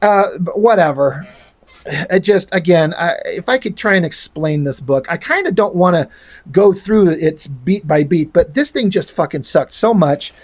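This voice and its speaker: A man's voice: high voice, animated, a little slow. Guy ranting about a bad comic, swears a lot, voice jumps all over the place. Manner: exasperated, profane and rambling. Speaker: comic book reviewer. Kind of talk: casual spoken comic review.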